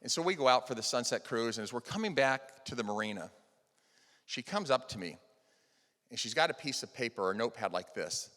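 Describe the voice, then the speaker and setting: A man delivers a motivational keynote in a large event hall, his stage-mic voice ringing with a long reverb tail. He talks with earnest storytelling energy, punching some lines loudly and letting others fall quiet. His pitch sits in an ordinary middle range for a man. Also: lively intonation, fairly quick. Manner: earnest storytelling, swings between loud emphasis and soft hushed lines. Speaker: conference speaker.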